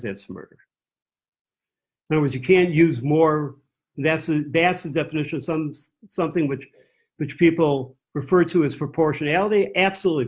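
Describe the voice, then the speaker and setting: A man teaching as a rabbi in a text-study class. He reads verses aloud in Hebrew, translates them and thinks aloud with restarts and self-corrections. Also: a little high.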